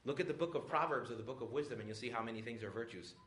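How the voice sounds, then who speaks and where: A man, a priest, giving a retreat talk, joking and lively, often acting out little voices. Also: mid-range voice, racing. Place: retreat hall with audience.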